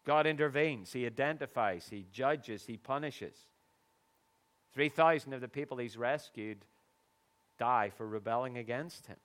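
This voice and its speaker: A man's voice: mid-range voice, unhurried, a bit bright. A middle-aged man preaching a sermon in an earnest, conversational way, with sudden emphatic bursts.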